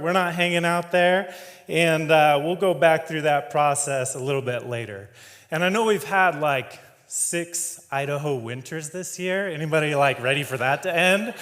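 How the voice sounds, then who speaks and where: A man with a fairly high, fairly bright voice gives a keynote in a large event hall, telling stories in a humorous, conversational way and laughing often. The recording carries long hall reverb.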